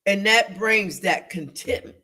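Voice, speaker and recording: A woman co-hosting a church talk show, speaking in an animated, emphatic, preaching-like way, repeating phrases for emphasis and acting out inner voices. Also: medium pitch, takes it slowly, husky. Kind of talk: faith discussion, preaching-like.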